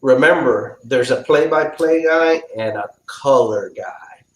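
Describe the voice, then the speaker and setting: A man's voice: mid-range voice, slow pace. Dry-joking male co-host, echoey. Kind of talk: casual podcast chat.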